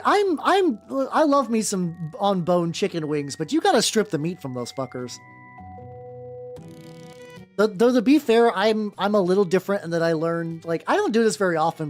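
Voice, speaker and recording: An American VTuber with a middle-pitched voice chats casually on a livestream while painting miniature terrain, rambling, swearing and often restarting sentences. Faint music plays quietly underneath.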